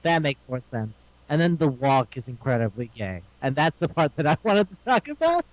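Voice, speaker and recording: A fairly high-voiced man talking fast and loose, swearing freely as he acts out scenes from a show. His voice sounds dry and close, though a bit dull and lo-fi. He keeps slipping into quick put-on voices for the characters. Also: dry recording. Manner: animated, swears a lot, acts out characters' lines. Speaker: podcast co-host. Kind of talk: casual chat recapping an anime episode.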